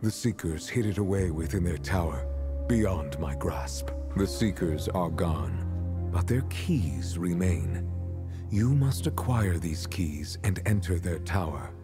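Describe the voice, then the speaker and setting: An actor playing an ancient, solemn male custodian of a world-ship in a video game, speaking in a grave, measured, formal way. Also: low voice, animated. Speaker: game character. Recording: game dialogue over loud music.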